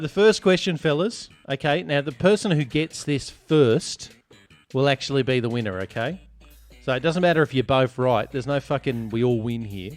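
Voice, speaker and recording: An Australian man hosting a sports podcast, reading listener reviews aloud and teasing his co-hosts in casual banter. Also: medium pitch. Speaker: podcast host.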